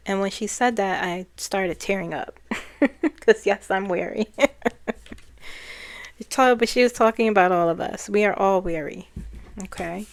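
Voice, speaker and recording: A woman who is a spiritual channeler, talking in a soft-spoken, reflective way and laughing often. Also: mid-range voice, normal speed, pauses often, no room sound. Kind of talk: casual spiritual talk.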